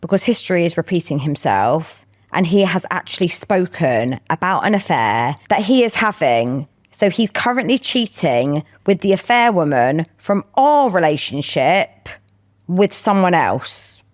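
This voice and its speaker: Low-voiced woman reading a confession. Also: very animated, unhurried, no echo, clean studio sound. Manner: reads aloud then explains, playful asides. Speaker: podcast co-host. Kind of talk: casual chat, reading listener confessions.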